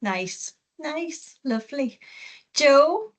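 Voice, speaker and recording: A woman and angling coach hosting a casual group chat, encouraging and quick to agree with her guests. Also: high-pitched, big pitch swings.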